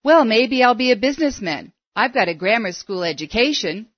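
A woman voicing a gruff, curt young game warden. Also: sits high, lively intonation, moderate pace, no echo. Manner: short, rustic, defensive replies. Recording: dull, dry lo-fi recording.

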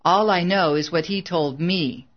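A narrator voicing a stubborn middle-aged male preacher who speaks earnestly and firmly, slowing down on solemn lines. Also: high-pitched, lo-fi sound. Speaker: evangelist.

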